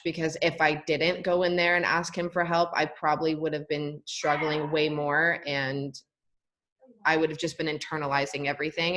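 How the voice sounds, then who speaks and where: Low-voiced young woman, candid and chatty. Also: fairly bright tone. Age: young adult. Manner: candid, frequent "like" fillers. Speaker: former college volleyball player, guest. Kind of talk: casual interview talk.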